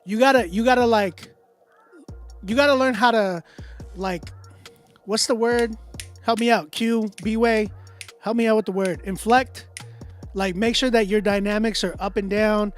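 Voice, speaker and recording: A man's voice: high-pitched, steady tone, unhurried, long pauses. A man who is a music producer and engineer, giving loose, filler-heavy feedback on a live stream. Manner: loose, conversational, many fillers and restarts. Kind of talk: casual livestream critique. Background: beat playing in the background.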